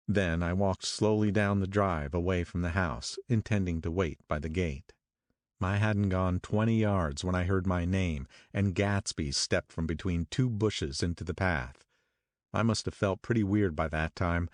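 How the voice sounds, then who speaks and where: A man narrating an audiobook in a measured, steady first-person reading. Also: low voice, dry recording, studio quality.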